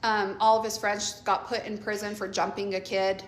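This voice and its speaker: A woman's voice: medium pitch, little pitch movement, normal speed, a little hiss or hum. A middle-aged woman, a mother, telling a casual storytime about her teenage daughter, blunt and offhand, laughing often.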